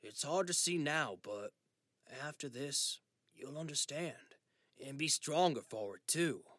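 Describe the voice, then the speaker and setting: A male narrator voicing an ailing father facing memory loss, who speaks in a steady, gently insistent way in an audiobook reading. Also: a little high, takes it slowly, dry recording, clean studio sound, heavily acted. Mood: resolved, tender.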